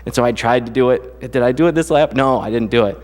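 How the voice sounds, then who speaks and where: A man's voice: mid-range voice, fast talker, a little mellow, long reverb tail. A man preaching a casual, conversational sermon as the pastor, telling jokey stories from his life. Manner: casual, joking storyteller. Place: church sanctuary.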